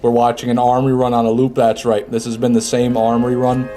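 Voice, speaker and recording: A man's voice: medium pitch, completely flat delivery, quick pace, mellow, faint music behind. A man chatting casually over live gameplay, reading and answering viewer messages as he plays. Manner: chatty, reads and answers chat. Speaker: streamer.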